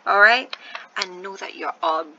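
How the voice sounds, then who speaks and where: A woman's voice: medium pitch, unhurried, pushed and bright, dull audio, slight background noise. A woman teaching a first-grade video lesson, patiently sounding out words syllable by syllable and encouraging her young viewers.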